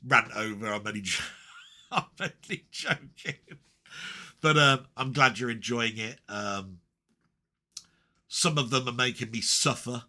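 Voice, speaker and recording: Male vlogger, bright and punchy, cheeky swearing banter, loose and rambling. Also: mid-range voice, a little slow. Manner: rambling with many fillers and restarts. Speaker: retro gaming vlogger. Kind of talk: casual chat reading viewer comments.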